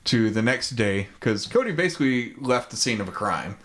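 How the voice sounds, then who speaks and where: Chatting casually on a podcast he co-hosts, a man retells a film's plot in an expressive, fairly bright, medium-pitched voice at a moderate pace. His style is relaxed and full of swearing, ums and likes.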